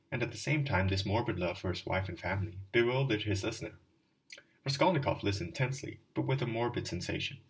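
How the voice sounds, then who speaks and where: A man narrates a classic novel in a measured, unhurried reading, stumbling now and then. His voice is deep and low. He sits a little back from the microphone. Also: far from the mic, low-quality recording. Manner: measured reading with occasional restarts. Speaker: audiobook reader. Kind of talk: literary audiobook narration.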